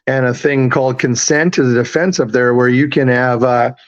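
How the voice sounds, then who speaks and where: A man's voice: mid-range voice, steady tone, normal speed, lo-fi sound. A man in his fifties from Canada, a podcast guest telling stories in a candid, profane, laid-back way with lots of fillers. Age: 50s. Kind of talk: casual storytelling.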